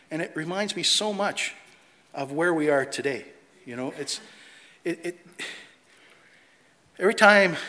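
A middle-aged man preaching a sermon in an animated way, mocking opponents' voices and reading scripture aloud. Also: medium pitch. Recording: long hall reverb.

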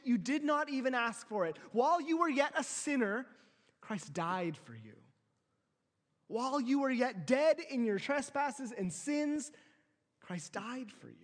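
A man preaching a sermon as pastor, earnest, swelling louder and slowing down on his key phrases. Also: high voice, in a large hall.

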